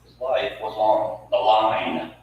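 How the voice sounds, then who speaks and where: A man preaching a sermon with emphatic delivery, swinging from loud to hushed. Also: lowish voice, steady tone, slow, muffled recording. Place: church sanctuary. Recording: echoey church hall from far off.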